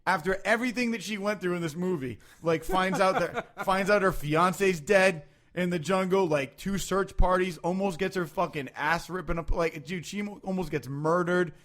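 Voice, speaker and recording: A man co-hosting a podcast, talking about movies in a loose, animated way, with lots of swearing and laughter. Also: sits high, normal speed, few pauses. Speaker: podcast co-host. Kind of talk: casual chat about movies.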